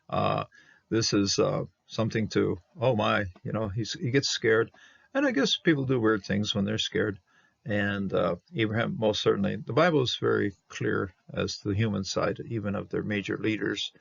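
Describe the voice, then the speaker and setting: A man explaining a Hebrew Bible manuscript, halting with many fillers and restarts as he reads words slowly. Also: fairly low pitch, dry recording. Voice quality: gravelly and husky. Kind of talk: unscripted explanatory study talk. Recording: dull lo-fi dry recording.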